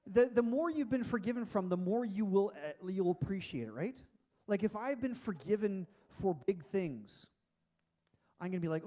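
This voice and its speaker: A male pastor delivers a sermon in a church, talking in a loose, animated way and often restarting his sentences. His voice sits high for a man yet sounds mellow and soft-edged. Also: normal speed. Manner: casual, animated preaching with restarts.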